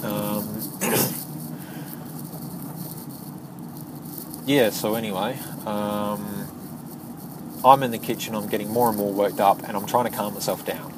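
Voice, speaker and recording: Man vlogging from a moving car, fairly low voice, halting rambling delivery, clear road noise behind. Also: steady tone. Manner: rambling, halting, with frequent restarts. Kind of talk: casual storytelling while driving. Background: vehicle noise.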